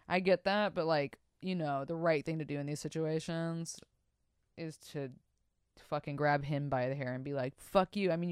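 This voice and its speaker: A young woman hosts a casual podcast, reading out listener stories and cutting in with profane, animated reactions. Her voice sits low and sounds smooth and clear, recorded dry and close. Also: no echo. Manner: profane, animated, laughs and comments while reading stories aloud.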